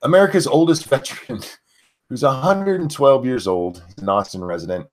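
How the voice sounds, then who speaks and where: A man co-hosting a casual news livestream, talking haltingly with many fillers. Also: mid-range voice, lively intonation. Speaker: co-host.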